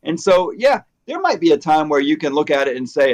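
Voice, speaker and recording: A man who works with hair extensions, giving relaxed, opinionated advice in a casual chat. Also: fairly high pitch, fairly quick.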